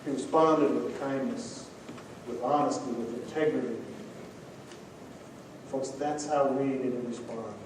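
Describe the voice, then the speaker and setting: A man with a Texan accent preaching a sermon as pastor, telling stories in a conversational way and dropping to quiet emphasis. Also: mid-range voice, fairly even intonation, a little slow, pauses often. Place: church sanctuary. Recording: echoey church from far off, faint noise.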